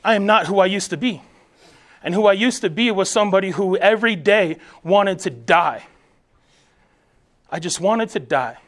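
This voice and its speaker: A man's voice: sits high, moderate pace, pauses often. A man around forty, a military veteran, giving an emphatic, preacherly motivational speech to soldiers.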